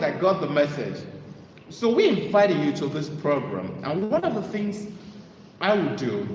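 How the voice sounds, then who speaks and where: A man giving a motivational talk to an audience, telling stories and pitching his mentorship. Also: a little hiss or hum. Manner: animated storytelling, sales pitch. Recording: echoey hall with long reverb.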